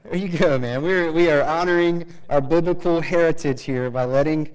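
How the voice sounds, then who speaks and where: Male pastor, sermon, casual then loud emphatic bursts, long hall reverb. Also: a little high, moderate pace, smooth.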